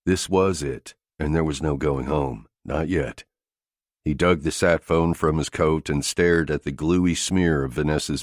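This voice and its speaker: Deep-voiced man narrating a thriller audiobook. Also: dry recording, studio quality. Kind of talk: scripted narration of an action thriller.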